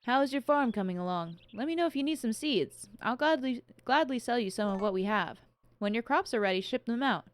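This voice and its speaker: A woman voicing a cheerful, bossy farm woman who sells seeds, in a loud, brassy voice. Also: fairly high pitch, animated, brisk, dry recording, pitched above the performer's own voice, natural voice. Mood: cheery.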